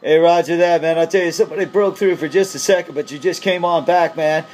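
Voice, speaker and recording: Over music, a man from the Pacific Northwest chats on CB radio, upbeat and hyping up the other station. His voice is on the high side, steady in tone, and quick in pace.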